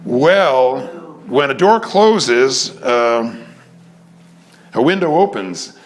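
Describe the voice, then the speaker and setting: An older man in a casual storytelling talk, animated, often acting out the people in his stories. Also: mid-range voice, very slow, a little hiss or hum. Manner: animated, acts out voices in quotes.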